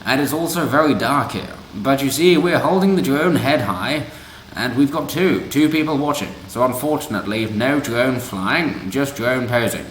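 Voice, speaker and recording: A man's voice: animated, moderate pace, few pauses, fairly bright tone, slight background noise, lightly acted. A man putting on a mocking voice for a male protest activist, upbeat and exaggerated. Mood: chirpy. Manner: exaggerated high cheery mimicry. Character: mocked male drone activist, chirpy and upbeat. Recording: roomy echo.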